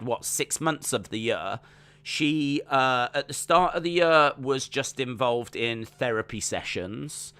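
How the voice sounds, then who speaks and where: A man's voice: medium pitch, bright, forceful tone, no room sound. A man chatting casually as a wrestling watch-along streamer, rambling with lots of fillers. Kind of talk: casual live-stream commentary.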